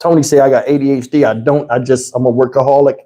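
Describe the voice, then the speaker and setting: A middle-aged man tells a profane, animated story to his livestream chat. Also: fast talker. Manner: animated, profane, swings into high voices to mimic others. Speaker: livestream host.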